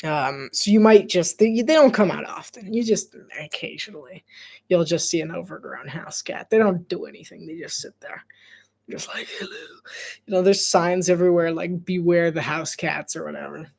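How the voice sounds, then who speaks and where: A woman's voice: on the low side, normal speed, vocal fry, darkish tone. A young woman from Florida chatting casually on a live sports stream, laughing often and acting out quoted voices. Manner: giggly, chatty, leans on "like", acts out quoted voices. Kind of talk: casual chat over a live game.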